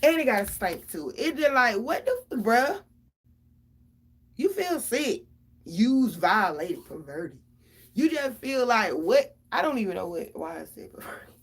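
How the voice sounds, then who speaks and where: A woman's voice: on the high side, big pitch swings, measured pace, breathy edge. A middle-aged mother, venting casually and profanely straight to her viewers about her kids.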